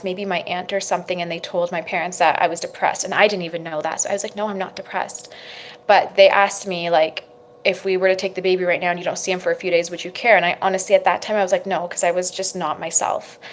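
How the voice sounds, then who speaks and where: A young woman, a mother, candidly telling her personal story to camera, with frequent fillers. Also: on the low side. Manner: candid, emotional at times, many fillers like "like".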